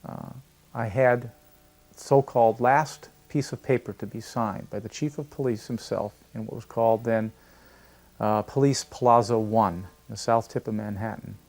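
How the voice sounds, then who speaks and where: An older man telling a personal anecdote in a lively, storytelling way. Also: fairly low pitch, moderate pace. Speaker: devotee recalling memories. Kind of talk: storytelling interview.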